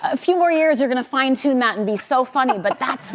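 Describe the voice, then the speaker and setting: A woman's voice: high voice, lively intonation, brisk, a little hiss or hum. A woman guest on a talk show, speaking candidly and laughing about being a parent. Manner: candid, laughing, self-deprecating. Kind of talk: casual interview chat.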